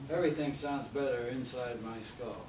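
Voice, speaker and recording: A man giving a humorous prepared speech to a club audience, with a slow, deliberate comic delivery that pauses for laughs. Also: medium pitch, darkish tone. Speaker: speaker at a public speaking club. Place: meeting room with a live audience. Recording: echoey room, distant mic, background noise.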